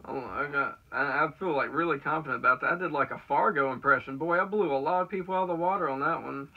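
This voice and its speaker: A man's voice: fairly high pitch, quick pace. A man in his twenties with a Southern accent, interviewing in casual chat, eager and rambling with stammered restarts. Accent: Southern American. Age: 20s. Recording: lo-fi dull sound.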